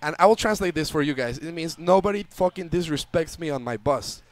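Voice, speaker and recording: A young man tells a long story with lots of life, slipping into the voices of the people in it. His voice sits a bit high for a man. He talks to his audience as a guest. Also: brisk, dry recording. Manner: lively, acts out voices in the story. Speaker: interview guest, tournament player. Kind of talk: animated storytelling.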